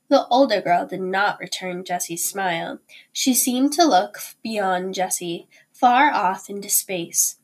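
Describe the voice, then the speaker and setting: A woman teacher reading a children's chapter book aloud to her students, slow and deliberate. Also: medium pitch, breathy edge.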